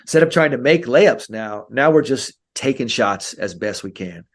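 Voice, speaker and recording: A man in a relaxed podcast interview, explaining coaching ideas as a mental skills coach. He talks in a lively, animated way and acts out short bits of dialogue between coach and player, his voice leaping upward when he plays the kids. His pitch sits in the middle range for a man. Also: normal speed.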